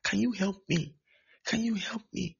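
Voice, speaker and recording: A man acting out a dead soul pleading from the dark, breathless and desperate, in a high, soft voice. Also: a little slow, gravelly, slightly rough, exaggerated voice. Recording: dull lo-fi recording.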